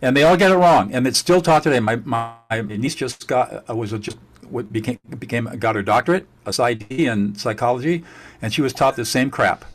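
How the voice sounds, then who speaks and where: A man speaking as a guest expert on communication, blunt and forceful, repeating words for emphasis and cursing at times. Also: mid-range voice, brisk, faint music behind. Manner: slightly profane. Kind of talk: emphatic conversation.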